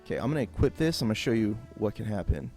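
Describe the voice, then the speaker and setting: Racing along and very animated, a man with a low-leaning, mellow voice hosts an unscripted game tutorial, rambling loosely and leaning on fillers. Faint music can be heard behind him.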